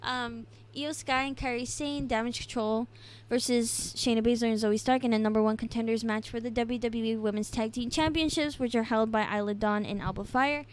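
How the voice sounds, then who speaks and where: A woman's voice: a little high, fairly even intonation, fairly quick, smooth. A young woman co-hosting a podcast, recapping the week casually, chatty and giggly with plenty of ums. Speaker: podcast co-host. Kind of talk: casual wrestling recap chat.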